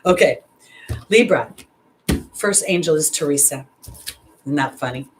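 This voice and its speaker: A woman's voice: low-pitched, lively intonation, measured pace, a little hiss or hum, poor audio. A woman giving a casual astrology and angel card reading, chatty and rambling, speaking to viewers by name. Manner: chatty, rambling, laughs at herself when nervous; talks straight to viewers by name. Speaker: intuitive astrologer and card reader.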